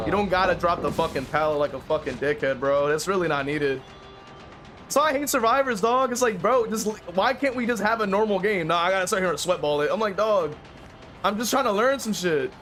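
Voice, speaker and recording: A man's voice: high voice, brisk, over music. A man giving casual, profane commentary while playing a game, rambling with fillers and getting frustrated. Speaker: streamer playing a killer.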